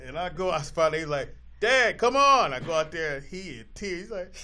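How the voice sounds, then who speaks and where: A man's voice: fairly high pitch, fast, a bit bright. A man in his forties hosting a talk show, telling funny stories with teasing and laughter. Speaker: radio talk show host. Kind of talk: comedic storytelling on a talk show.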